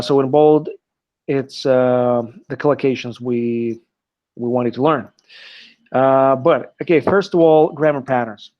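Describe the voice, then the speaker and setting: A man teaching an English class live online, explaining step by step and checking in often with "okay", heard through a computer mic on a video call. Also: mid-range voice. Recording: dull lo-fi online call audio.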